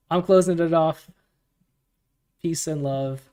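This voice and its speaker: A man hosting a community livestream Q&A, casual and relaxed, laughing often as he answers questions from chat. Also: fairly high pitch, normal speed. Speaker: community AMA host.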